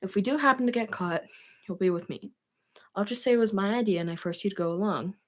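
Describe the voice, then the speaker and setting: A woman's voice: mid-range voice, fast, natural voice. A woman reading a brash, protective teen boy. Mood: reassuring. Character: brash teenage boy, rough but protective.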